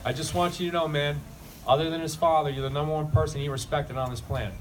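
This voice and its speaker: A man's voice: a little high, steady tone, quick pace. A man giving a rambling, heartfelt eulogy to a crowd at a memorial gathering, talking bluntly and casually. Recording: distant mic with noisy ambience.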